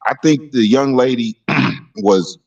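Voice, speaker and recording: This is a man calling in to a talk show with a mid-pitched voice. He lays out his views steadily and swears freely. The line sounds muffled and distant. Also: slow pace, vocal fry. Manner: steady, opinionated, profane. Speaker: caller. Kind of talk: call-in opinion.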